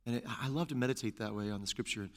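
A man preaching a sermon as pastor and teacher, repeating key phrases and rising to loud stresses. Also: mid-range voice, very fast.

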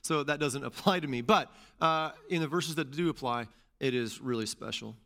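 A man preaching a sermon as pastor and teacher, repeating key phrases and rising to loud stresses. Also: mid-range voice, normal speed, gravelly.

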